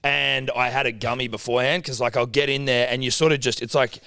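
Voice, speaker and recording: A man's voice: mid-range voice, flat delivery, fast, vocal fry, sharp tone, smooth, dry recording. An Australian man hosting a casual chat, telling stories with lots of swearing and acted-out quotes. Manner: swearing storyteller, acts out quotes. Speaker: podcast host.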